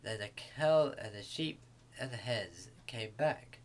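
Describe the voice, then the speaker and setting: A man reading a bedtime story aloud to kids, in a halting way with small restarts. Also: lowish voice, expressive.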